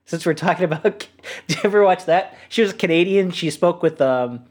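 A man from New Hampshire, co-hosting a podcast in a rambling, animated casual chat full of fillers. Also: high voice, normal speed. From New Hampshire, USA. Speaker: podcast co-host.

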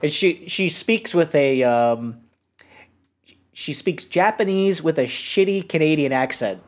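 Animated rambling podcast host man. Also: on the high side, a little slow. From New Hampshire, USA. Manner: rambling and animated, lots of fillers. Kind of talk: casual chat.

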